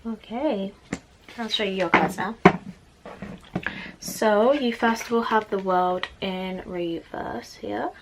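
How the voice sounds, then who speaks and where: A woman's voice: medium pitch, slow, pauses often, heavy background noise. A young woman giving a casual tarot card reading from the floor of her bedroom at home, chatty and apologetic, a little out of breath and easily distracted. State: slightly out of breath. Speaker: tarot reader.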